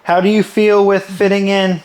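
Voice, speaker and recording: A man's voice: high-pitched, level tone, moderate pace, a little mellow. A man in his late twenties hosting a podcast in casual chat, laid-back and calling his guest bro and buddy. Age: 20s. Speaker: podcast host.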